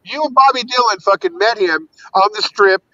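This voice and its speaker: A man's voice: high-pitched, normal speed, pushed and bright, no room sound, highs cut off. A man in casual, profane banter on a livestream call, rambling with stammering restarts.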